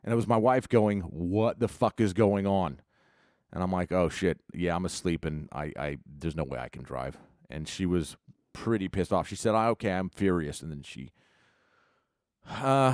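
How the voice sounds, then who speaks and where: A man's voice: on the low side, darkish tone, dry recording, clean studio sound. Laid-back, cussing man telling a story. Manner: profane, rambling, laid-back. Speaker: vlogger; musician. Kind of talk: casual storytelling.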